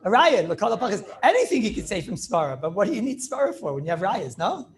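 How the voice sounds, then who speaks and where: Rabbi teaching a class, gravelly voice, keeps asking the room questions. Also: male voice, high voice, very animated. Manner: rapid, repetitive, asks the class questions. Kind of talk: informal Torah class.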